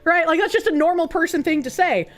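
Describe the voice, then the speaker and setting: A woman's voice: extremely high pitch, expressive, quick pace, soft background music. A woman with a Boston accent, a streamer reading donation messages in casual chat with sarcastic, laughing asides. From United States.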